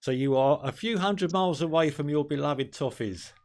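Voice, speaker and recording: A man's voice: fairly high pitch, moderate pace, a little mellow. A man hosting a live stream, chatting casually and greeting viewers by name. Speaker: stream host.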